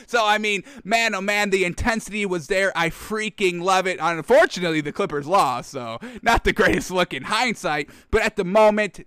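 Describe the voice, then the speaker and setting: A man's voice: sits high, pushed and bright, smooth, no room sound, clean studio sound. A man hosting a casual sports talk show, enthusiastic and chatty, often addressing his audience directly. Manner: enthusiastic, keeps addressing "folks".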